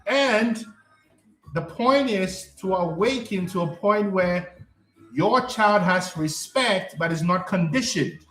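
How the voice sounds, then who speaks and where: High-voiced emphatic male live coach. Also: a little slow, a bit bright, reverberant, soft background music. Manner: emphatic, repetitive, checks in with listeners. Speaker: life coach hosting a live stream. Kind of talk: live stream talk answering chat.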